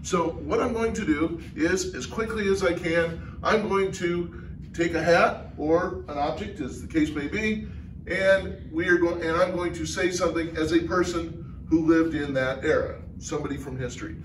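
A man's voice: fairly high pitch, normal speed, slight background noise. A man, a teacher, talking playfully and casually to his students. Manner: playful and joking. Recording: roomy, from a distance, music behind.

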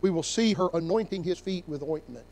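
A man preaching as pastor, reading scripture aloud and swinging between emphatic rises and quiet drops. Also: high voice, lively intonation, fairly quick, slight background noise. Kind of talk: sermon.

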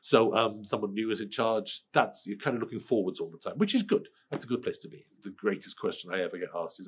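Man, Welsh accent, middle-aged, has a cold, low-ish voice, rapid interview chat. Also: husky. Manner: animated, restarts and repeats words. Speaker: screenwriter interviewee. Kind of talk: conversational interview answers.

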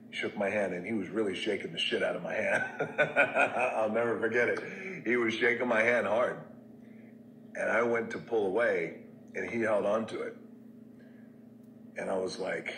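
A man telling a personal story in a candid, conversational way, with many fillers, restarts and soft reflective passages. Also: lowish voice, steady tone, moderate pace, roomy sound, slight background noise, low-quality recording.

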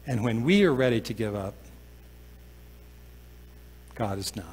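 A pastor preaching a sermon, often slowing down and dropping to a soft, low voice to stress a point. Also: male voice, animated, husky. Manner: slows down and drops to a soft, low voice for emphasis. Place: church sanctuary. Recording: long church reverb.

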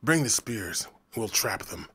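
Man reading calm commanding hunt leader, low husky voice, measured orders. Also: full character voice.

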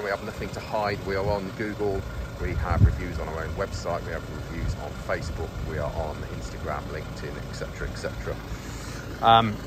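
Male English dealer, lowish voice, casual feature rundown, noisy outdoor vehicle recording. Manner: casual, matter-of-fact listing of features. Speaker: van dealer salesman. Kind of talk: vehicle walkaround sales video. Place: inside and around a pickup truck, outdoors.

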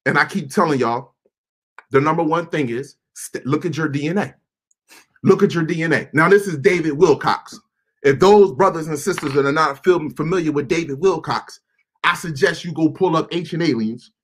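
A fired-up man shouting a profane rant. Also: normal speed, slightly rough. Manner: fiery, shouting, profane, repeats himself; calmer, lower and quieter. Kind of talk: impassioned monologue.

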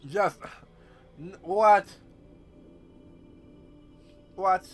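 A man commenting excitedly on his game playthrough, swearing and exclaiming. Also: high voice, drawn-out words, soft background music. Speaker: gaming youtuber. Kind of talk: let's play commentary.

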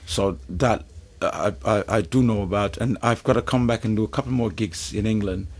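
Gravelly, animated male storyteller. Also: lowish voice, a little fast. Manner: animated, stammering restarts, swears freely, laughs while telling. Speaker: musician interview guest. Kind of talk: casual storytelling interview.

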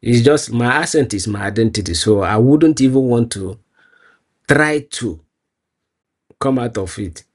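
A man's voice: medium pitch, lively intonation, measured pace, long pauses. Proud Nigerian-accented man. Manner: proud, earnest, laughs easily. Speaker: interviewee. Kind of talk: casual street interview.

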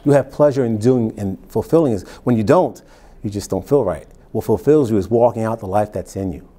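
A man preaching a Bible-teaching sermon as pastor, reading verses slowly and then explaining them in plain, conversational asides. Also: lowish voice, warm tone.

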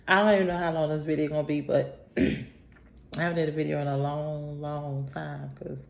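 A woman's voice: low-pitched, level tone, gravelly. A woman, casually chatting to her viewers while unboxing a package, a little out of breath. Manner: chatty, talks to herself, sighs, drawn-out greetings. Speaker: vlogger.

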